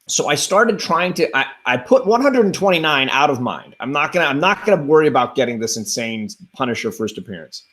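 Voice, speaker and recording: A man's voice: a little high, sing-song, fairly quick, few pauses, a bit bright. A man hosting a casual chat, talking enthusiastically and restarting his sentences a lot. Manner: enthusiastic, rambling, frequent restarts. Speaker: host.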